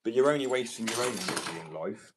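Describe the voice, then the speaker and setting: A man's voice: on the low side, animated, quick pace, background noise. Profane ranting man, slight Australian twang. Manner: profane, combative, rambling. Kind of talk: ranting monologue to camera. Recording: roomy sound from a distant mic.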